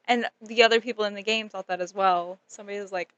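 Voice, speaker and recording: A young woman tells a casual storytime story, bubbly and giggly, her speech full of "like". Her voice sits a little high. It is recorded close to the mic in a dry room. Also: normal speed, no echo. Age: young adult. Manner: animated, giggly, lots of "like". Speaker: vlogger.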